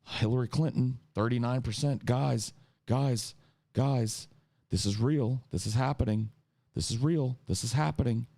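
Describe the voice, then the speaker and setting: A man's voice: medium pitch, measured pace, gravelly, warm tone, no room sound, voice pushed up. A man impersonating a sweaty, panicking male news pundit reading bad election results in an overwrought, whiny voice. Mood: panicked.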